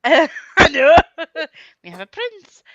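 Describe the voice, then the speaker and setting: A woman's voice: sits high, sing-song, takes it slowly, a bit bright, highs cut off, slight background noise. A woman hosting a casual video chat with friends, giggling and rambling. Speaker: book vlogger hosting a chat.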